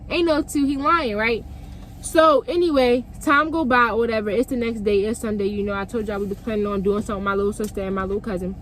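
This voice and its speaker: A woman's voice: fairly high pitch, a bit bright, slight background noise. A young woman telling a personal story to her viewers, profane and emphatic, talking straight to the camera audience. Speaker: vlogger. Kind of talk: storytime vlog.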